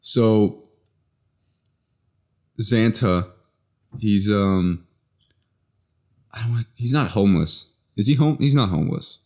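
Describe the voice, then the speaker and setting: Low-voiced, halting male podcast co-host. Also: a little mellow. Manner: halting, filler-heavy storytelling. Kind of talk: casual chat.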